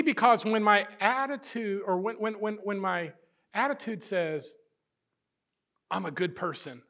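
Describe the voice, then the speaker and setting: A middle-aged man preaching a sermon as pastor, swinging between loud emphasis and hushed, intimate passages. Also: sits high.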